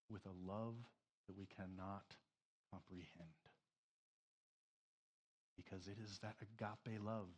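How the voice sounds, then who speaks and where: A man preaching a sermon, emotional, swinging between loud emphasis and a soft hush, tearful at moments. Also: fairly low pitch, husky. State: crying. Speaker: pastor.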